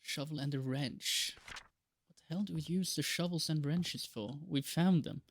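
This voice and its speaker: A man's voice: a little high, normal speed. A man casually chatting while streaming a game live, rambling and joking with frequent laughs and the odd swear. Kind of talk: casual live gameplay chat.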